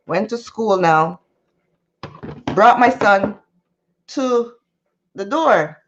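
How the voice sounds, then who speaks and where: A woman's voice: mid-range voice, a little slow. Chatty woman livestreamer, muffled audio. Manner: animated, chatty, greets viewers mid-story. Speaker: livestream host. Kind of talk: casual storytelling livestream.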